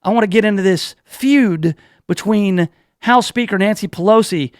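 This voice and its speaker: A man's voice: high voice, moderate pace, dry recording, studio quality. A man hosting a talk radio show, telling a rambling, self-deprecating story full of restarts. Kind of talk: casual talk radio monologue.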